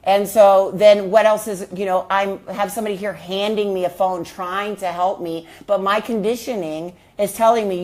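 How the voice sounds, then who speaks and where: An earnest woman speaks straight to her viewers, reflecting on a hard personal experience. She often stops to ask them questions. Her voice sits at an ordinary middle pitch. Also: fairly even intonation, normal speed, hardly any pauses, darkish tone. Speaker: trauma healing coach. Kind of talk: personal storytelling vlog.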